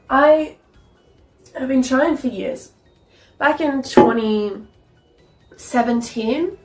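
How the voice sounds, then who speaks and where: A woman's voice: mid-range voice, creaky, husky. A young woman chatting casually at home, rambling with lots of "like" and casual swearing. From Australia. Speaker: streamer. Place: home room, then kitchen.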